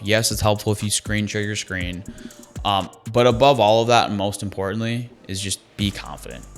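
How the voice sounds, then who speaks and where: A man's voice: fairly low pitch, fairly bright tone. A man giving sales training in an emphatic, conversational way, repeating his key phrases. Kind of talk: coaching talk on sales calls.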